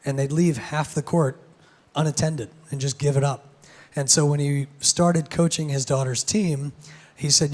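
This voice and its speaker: A man with a hoarse, gravelly voice giving a casual keynote talk on a conference stage, with many fillers and restarts. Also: on the high side, fairly even intonation, moderate pace, a little mellow. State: hoarse, lost voice. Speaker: conference speaker.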